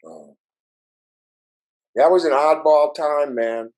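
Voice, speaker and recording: A man's voice: fairly high pitch, slow pace, a little mellow, rough recording. An older man from Minnesota, a musician guest, telling a rambling story full of swearing and "right?" tags. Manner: profane, rambling with tag questions. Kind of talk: casual storytelling.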